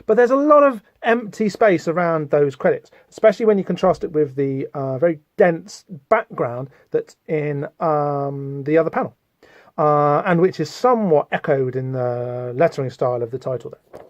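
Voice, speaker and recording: A man hosts a comic book discussion podcast, his voice a little high for a man. He talks in a thoughtful, rambling way with plenty of fillers. The sound is close and dry. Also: lively intonation, normal speed, dry recording, lo-fi sound. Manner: thoughtful, digressive, many fillers. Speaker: podcast host.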